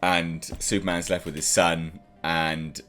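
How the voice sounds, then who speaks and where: A man with a fairly low voice chats eagerly through a TV episode review, his pitch and loudness jumping as he gets excited about the scenes. He talks in a loose, casual way and slips into short acted lines from the characters. Faint music plays under his voice. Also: slow. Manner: enthusiastic, chatty, acts out characters' lines. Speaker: TV reviewer, channel host.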